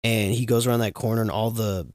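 A man co-hosting a podcast in casual chat, reacting with profane jokes and quick asides. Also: on the low side, steady tone, no echo, clean studio sound. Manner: profane, joking reactions, mock voices. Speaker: podcast co-host. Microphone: studio microphone.

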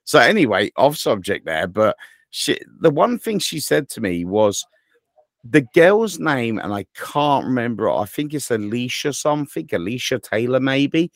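A man's voice: medium pitch, unhurried, no room sound, clean studio sound. A man co-hosting a podcast, telling rambling, profane stories in casual chat. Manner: animated, rambling and profane storyteller. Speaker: podcast co-host.

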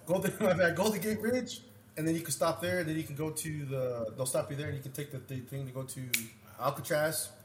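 A man tells stories on a podcast in a loose, rambling way, swearing freely and getting animated. His voice sits fairly high for a man. The room sounds echoey, with a faint hiss underneath. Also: a little fast. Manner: rambling, profane, animated storyteller. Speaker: podcast co-host. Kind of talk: casual storytelling chat.

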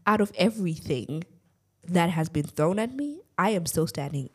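A young adult woman co-hosting a casual podcast, telling a story with lots of laughter and acted-out quotes. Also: lowish voice. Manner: animated storyteller, acts out quotes, laughs often. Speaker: podcast co-host.

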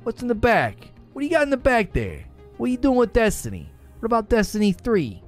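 A man's voice: extremely high pitch, wildly swooping pitch, brisk, soft background music, voice pushed up, full character voice. A man putting on a pushy mobster tough guy. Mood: pestering. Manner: needling, repeating questions, pestering.

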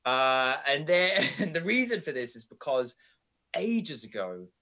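Young guy, podcast co-host, lively and chatty. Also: on the high side, measured pace. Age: young adult. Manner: animated, chatty British slang. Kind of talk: casual chat.

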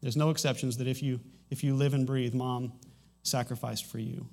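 A man's voice: medium pitch, flat delivery, moderate pace, vocal fry, darkish tone, faint music behind. A man in his thirties preaching a sermon as a pastor, talking conversationally with frequent restarts and a light humorous touch.

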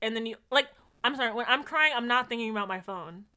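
A young adult woman co-hosting a casual chat, animated and slangy, acting out her own reactions. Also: on the high side, quick pace, smooth.

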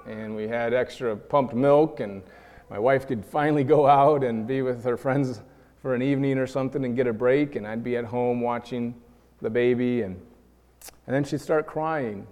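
A man's voice: mid-range voice, darkish tone. A man in his thirties preaching a sermon in an earnest way, building to emotional peaks. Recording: long hall reverb.

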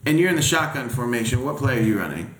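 A man chatting casually about football on a podcast, animated, swearing and venting. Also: medium pitch, fast. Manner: animated, swears, vents and laughs. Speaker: podcast co-host. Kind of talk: casual sports chat. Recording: echoey room.

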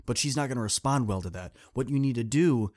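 A man's voice: a little fast, darkish tone. A man, a student coach and podcast host, tells a story in an earnest, direct way and speaks straight to his listeners. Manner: acts out quoted people with shifts in pitch. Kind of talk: casual podcast monologue telling a story.

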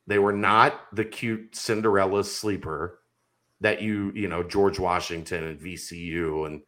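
A man's voice: lowish voice, sharp tone. A man co-hosting a sports podcast, making his case emphatically in casual debate and rambling into stories. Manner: emphatic, insistent, rambling storyteller.

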